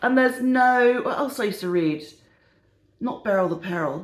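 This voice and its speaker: A woman's voice: fairly high pitch, moderate pace. A woman chatting casually and cheekily on her vlog, giggling as she goes. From United Kingdom. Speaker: vlogger, perfume reviewer. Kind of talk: casual chat. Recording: echoey room.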